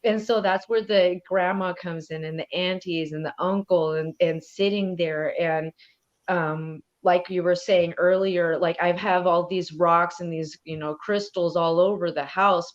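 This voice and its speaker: A woman's voice: on the low side, fairly even intonation, measured pace. A woman speaking as an elder guest on a podcast, talking in a thoughtful, rambling way with many fillers. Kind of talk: casual interview conversation. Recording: dull lo-fi audio.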